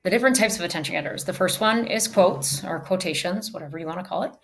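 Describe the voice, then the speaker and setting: A woman's voice: on the low side, fast talker, creaky, a little hiss or hum. A woman teacher giving a recorded virtual lecture on public speaking, emphatic and shifting her delivery to show how things should be said. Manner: emphatic, varies delivery to demonstrate. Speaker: speech teacher.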